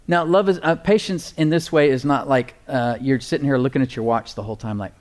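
A man preaching a sermon, slowing down to stress key phrases and calling for responses from the congregation. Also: medium pitch. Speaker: pastor.

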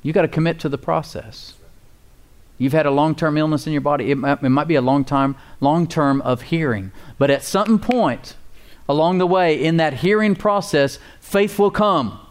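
A man's voice: fairly high pitch, moderate pace. A man preaching a sermon to a congregation in church, emphatic and casual, repeating key words and asking for amens. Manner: casual preacher's talk with fillers and folksy asides. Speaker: pastor. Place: church before a responding congregation.

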